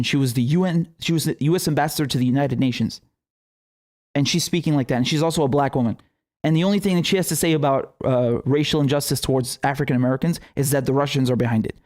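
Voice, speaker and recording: A young man giving a heated solo political commentary, swearing often and ranting sarcastically. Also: fairly high pitch. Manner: profane, animated, sarcastic rants.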